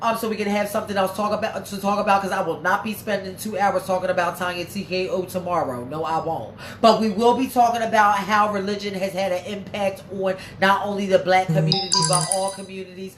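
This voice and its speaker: A woman's voice: medium pitch, steady tone, fairly quick, few pauses, slight background noise. A woman hosting a casual livestream, brash and chatty, swearing freely and reading out viewer comments, her nose a bit stuffy. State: stuffy, congested. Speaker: livestream host. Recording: echoey room.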